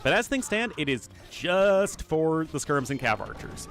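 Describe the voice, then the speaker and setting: Speaking a little slowly, a man with a fairly high, fairly bright, sing-song voice offers casual live commentary on a strategy game match. The streamer and caster is chatty, rambles off on asides and talks straight to his chat, with faint music in the background.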